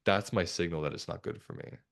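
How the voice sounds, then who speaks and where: A man, a somatic therapist, talking as a guest in a podcast interview in a calm, reflective, measured way. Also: low-pitched, gravelly. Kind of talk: conversational interview talk.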